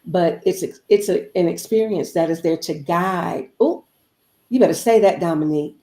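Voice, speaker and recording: A woman's voice: lowish voice, moderate pace, mellow, roomy sound. A woman guest speaker giving an inspirational, preachy talk, repeating phrases for emphasis.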